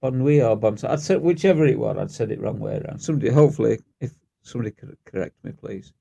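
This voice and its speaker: A man's voice: mid-range voice, fast, gravelly, warm tone, breathy edge. A man with a Yorkshire accent, co-hosting a podcast and telling anecdotes in casual chat with a dry, easygoing humour. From Yorkshire, England. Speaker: podcast co-host.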